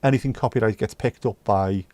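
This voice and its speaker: Joking with viewers as he reads their chat, this livestream host keeps the conversation casual and chatty, bantering and tossing in snippets of song. His voice is on the low side and darkish, fairly quick, in a dry recording.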